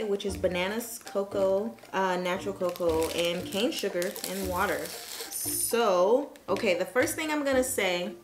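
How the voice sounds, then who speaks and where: A woman's voice: mid-range voice, fairly bright tone. A woman hosting a casual vlog taste test, chatty and frank, repeating herself and using fillers as she reviews food. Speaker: product reviewer.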